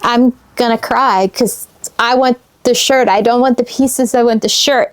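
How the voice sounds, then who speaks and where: A woman casually showing vintage fabric scraps to her viewers, musing and sentimental as she unpacks them. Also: a little high. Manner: wistful, sentimental, talks to viewers while unpacking; unhurried and musing. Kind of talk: casual show-and-tell vlog.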